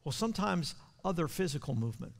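A male pastor preaching a sermon, repeating his words and building to loud, fervent passages. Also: a little high, very animated, fast talker, vocal fry. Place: church sanctuary. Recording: long church hall reverb.

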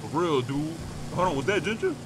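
A man's voice: a little high, big pitch swings, brisk, noisy background. A young man streaming a role-play game, teasing and hyped, full of street slang. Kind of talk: casual role-play banter.

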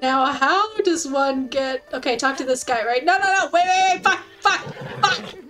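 A woman streaming a game, chatting casually and excitedly, giggling often and cooing softly at her in-game horse. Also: high voice, normal speed, over music, rough recording. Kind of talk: casual gameplay commentary.

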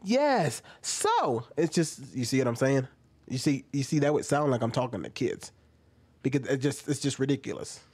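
A man's voice: medium pitch, a little fast, a little mellow, husky. Argumentative man asking rhetorical questions. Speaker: commentator. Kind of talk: reaction commentary.

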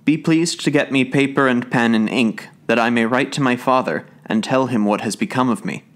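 A man's voice: medium pitch, moderate pace, a bit bright, natural voice. A man voicing a distressed young lady who pleads with her parents to know her, in a lifted, tearful tone. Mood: pleading.

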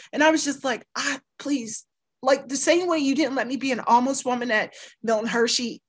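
A woman's voice: a little high, a bit bright, husky. Emphatic middle-aged woman telling her story. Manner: emphatic, acts out quoted dialogue, peppers talk with "you know" and "right". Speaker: guest, lawyer. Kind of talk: candid personal storytelling.

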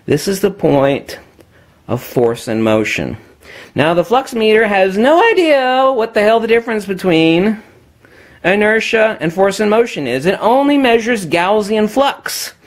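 A man talking viewers through a magnet demonstration, emphatic and unscripted, calling them kiddies. His pitch swings widely from phrase to phrase. His voice sits a little high for a man. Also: big pitch swings, measured pace.

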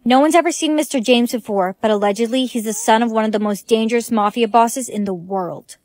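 A woman's voice: a little high, fairly quick, a little mellow, no room sound. A woman acting out short dramatic POV skits, switching between characters. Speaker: skit creator.

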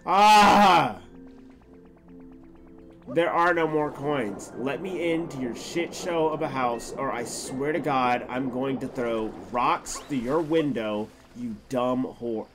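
A man streaming a video game live, reacting loudly and crudely and talking back to the characters on screen. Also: medium pitch, slow pace, faint music behind. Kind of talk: live gameplay commentary.

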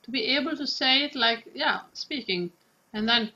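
A woman's voice: a little high, bright, forceful tone, muffled recording. A woman coaching a singing student, demonstrating phrases with long, stretched vowels. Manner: demonstrates lines slowly, drawn-out Italian vowels. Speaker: vocal coach. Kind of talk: singing lesson.

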